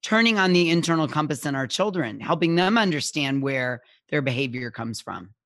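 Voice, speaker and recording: A woman guest speaking as a parenting expert in a conversational interview, animated and acting out little quotes, often checking in with "right?". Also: deep voice, moderate pace, no room sound, clean studio sound. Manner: animated, acts out parent and child quotes, keeps asking "right?".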